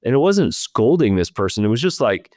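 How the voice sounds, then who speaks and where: A man's voice: medium pitch, sing-song, brisk, a little mellow, dry recording, studio quality. A man hosting a leadership podcast, talking in an earnest, reflective way and speaking straight to his listeners. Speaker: podcast host.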